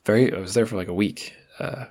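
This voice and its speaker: A man's voice: lowish voice, quick pace, a little mellow. Chatty Scottish man hosting a podcast. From Scotland. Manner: chatty, self-deprecating, with frequent restarts and asides. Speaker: podcast host. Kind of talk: casual podcast monologue.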